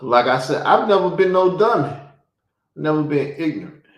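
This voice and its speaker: A man telling stories in casual chat, profane and animated, with bursts of laughter. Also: fairly high pitch, normal speed, reverberant, poor audio. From Chicago. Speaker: podcast host.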